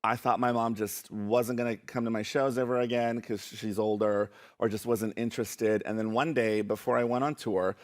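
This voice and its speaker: A man's voice: lowish voice, fairly even intonation, normal speed, hardly any pauses. A young adult man telling funny personal stories and reading poems at a live show, playful and self-mocking, often laughing through his lines. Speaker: spoken word poet and storyteller. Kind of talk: live comic storytelling and poetry reading.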